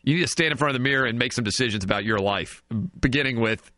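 A man's voice: medium pitch, quick pace, pushed and bright, dry recording. A man hosting a sports talk radio show, riffing sarcastically and in mock outrage.

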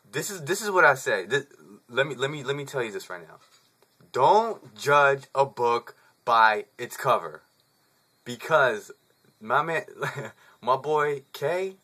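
Male, 20s, vlogger storyteller; bright, tense tone, casual profane slang. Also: medium pitch, husky. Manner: profane, laid-back slang, chuckles through the telling.

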